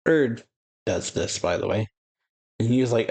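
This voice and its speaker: Man reaction host, mid pitch, dry close sound, rambling read-aloud with chuckles and self-corrections. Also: expressive, measured pace, long pauses, darkish tone, slightly rough, no echo. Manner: paraphrases character dialogue aloud with frequent chuckles. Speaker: manga reaction channel host. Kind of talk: casual reading of a manga chapter aloud.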